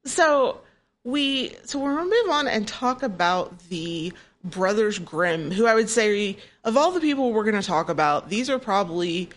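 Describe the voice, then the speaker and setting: A woman's voice: mid-range voice, animated, moderate pace. A woman co-hosting a podcast in a casual educational chat, adding her own comments and short agreements. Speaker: podcast co-host.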